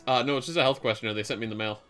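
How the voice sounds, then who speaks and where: A man hosting a casual let's play, telling stories in a loose, rambling way full of fillers. His voice sits at an ordinary middle pitch, with faint game music underneath. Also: fairly even intonation, very fast, a bit bright. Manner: rambling, filler-heavy storytelling. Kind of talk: casual gameplay chat.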